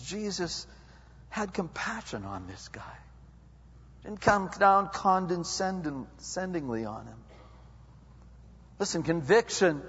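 A male pastor delivers a sermon, asking question after question and climbing in intensity. His voice sits a little high for a man. The sound is dull and lo-fi, with a long reverb trailing through the hall. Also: creaky, a bit bright, breathy edge. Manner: preaching with rising intensity and rhetorical questions.

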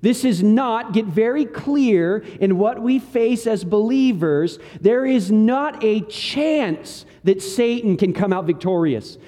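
High-voiced male preacher in a hall. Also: animated, a little slow, few pauses, dark tone. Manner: earnest, emphatic preaching with rising and falling intensity. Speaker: pastor. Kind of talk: expository sermon.

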